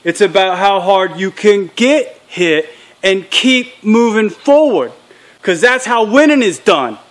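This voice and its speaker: A man putting on a Philadelphia accent to play a gruff older boxer giving fatherly advice, in a slow gravelly drawl. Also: high voice, very animated, pitched above the performer's own voice, exaggerated voice. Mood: tough.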